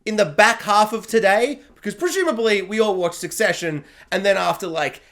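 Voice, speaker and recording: A man's voice: high-pitched, normal speed, a bit bright. A man giving a casual spoken TV review, rambling along and filling his talk with "like". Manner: rambling, heavy on "like" fillers.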